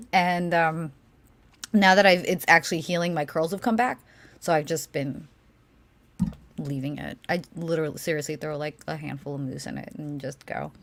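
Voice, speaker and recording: A woman co-hosting a casual livestream Q&A, animated and brash, laughing and swearing often. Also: deep voice, moderate pace. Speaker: co-host of a Q&A stream.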